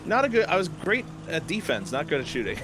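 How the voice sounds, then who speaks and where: A young male streamer chatting over a game, his pitch a touch high and swinging widely as he tells stories with frequent laughter. A faint hiss of noise sits under the voice. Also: a little fast. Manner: animated storytelling, laughs often. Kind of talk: casual chat while gaming.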